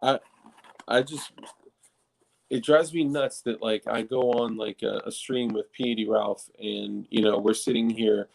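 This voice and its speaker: A man's voice: fairly low pitch, fairly even intonation, measured pace, creaky, a little mellow, poor audio. A man co-hosting a casual podcast, talking in a rambling, restart-filled way with frequent swearing. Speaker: podcast co-host. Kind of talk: casual chat.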